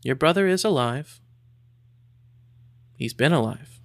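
A man voicing a menacing hooded male villain who drawls slow, half-whispered threats in a gravelly voice. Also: medium pitch, lively intonation, no echo.

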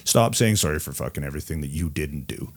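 A man co-hosting a casual podcast, blunt and animated, swearing heavily as he rants. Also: extremely low pitch, fast, vocal fry. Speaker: podcast co-host.

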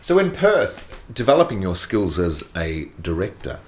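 Very deep-voiced male interviewer. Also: sing-song, moderate pace, darkish tone. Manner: curious, brief prompts and questions. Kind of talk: interview conversation.

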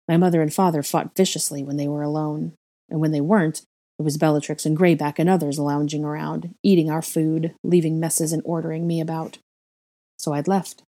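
A woman narrating a story in the first person, with a measured, soft reading pace. Her voice is low for a woman and mellow, with a dark, unhurried tone. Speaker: fan fiction reader.

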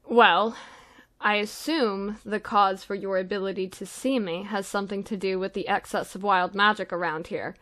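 A woman voicing a calm, manipulative male devil, smooth and quiet. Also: medium pitch, moderate pace, lightly acted. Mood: smooth menace.

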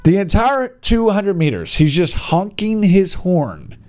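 A man vlogging casual tips, ranting in an exasperated, animated way and mincing his swears. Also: high-pitched, slow pace. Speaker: vlogger giving e-bike riding tips.

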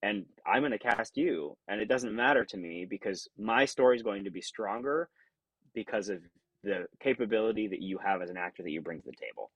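A man from California, an actor talking as a podcast guest in an earnest, reflective way, acting out remembered thoughts with sudden jumps in pitch. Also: animated, a little fast, husky, no echo, dull audio. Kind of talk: conversational interview.

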